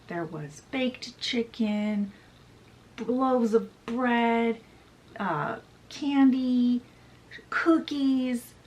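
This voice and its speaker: A woman's voice: a little high, rough recording. A woman hosting a book channel, summarizing a novel in a chatty retelling style full of casual asides.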